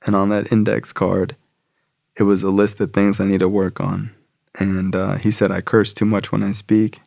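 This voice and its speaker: A man's voice: low-pitched, level tone, moderate pace, vocal fry, a little mellow, no room sound, studio quality. A young man telling a personal recovery story in a casual, profane way, full of slang and fillers.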